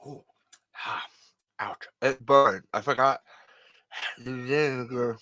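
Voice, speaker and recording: Bright-voiced, rambling, profane male podcaster. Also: mid-range voice, steady tone, slow pace. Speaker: podcast host. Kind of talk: casual late-night podcast chat.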